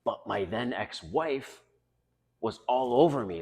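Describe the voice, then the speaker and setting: A middle-aged man giving dating advice in a casual monologue, blunt and confessional, swinging between loud emphatic stretches and quiet asides. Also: mid-range voice, expressive, takes it slowly, long reverb tail.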